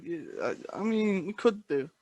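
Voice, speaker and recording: A man's voice: sits high, animated, moderate pace, a little mellow, no echo. A young man co-hosting a podcast in casual chat, with dry joking remarks, close to the mic. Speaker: podcast co-host.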